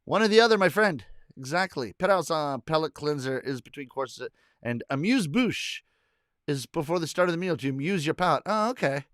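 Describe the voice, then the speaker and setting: A middle-aged man from Canada talks loosely with his online audience, trailing off, restarting and chuckling between thoughts. His voice sits a bit high for a man and is caught close and dry, with no room around it. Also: lively intonation, fairly quick, a bit bright, no room sound. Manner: rambling, self-correcting, chuckling. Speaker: comedian hosting a weekly live stream. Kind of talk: casual chat reading viewer comments.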